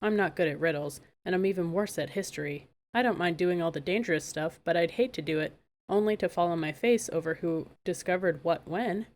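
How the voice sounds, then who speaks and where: A woman's voice: fairly low pitch, brisk, lightly acted. A woman reading aloud, voicing a clever, spirited young princess in a storybook.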